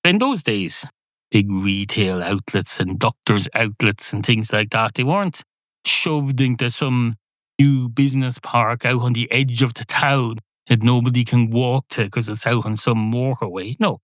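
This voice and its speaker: A man's voice: mid-range voice, measured pace, fairly bright tone, no echo, studio quality. A middle-aged man hosting a podcast, delivering a digressive, sardonic comic monologue that wanders off and corrects itself. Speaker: podcast host.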